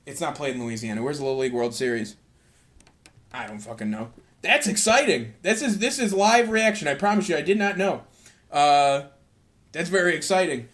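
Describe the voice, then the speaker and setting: A man's voice: fairly high pitch, expressive, moderate pace, fairly bright tone. A young man hosting his own podcast alone, rambling loosely and swearing freely in a casual rant. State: tired from cleaning. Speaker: podcast host.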